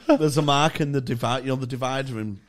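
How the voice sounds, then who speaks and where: Young man, comedy podcast co-host, sweary anecdotes broken up by laughs. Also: medium pitch. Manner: sweary and laughing, rapid bursts. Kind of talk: casual chat, comic storytelling.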